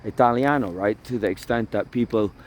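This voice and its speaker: A man's voice: lowish voice, moderate pace, darkish tone, slight background noise. A man talking casually to his phone camera while walking by water in a park, rambling, swearing and repeating himself. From Toronto area. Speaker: vlogger. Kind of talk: casual outdoor vlog monologue. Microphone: phone camera held by himself.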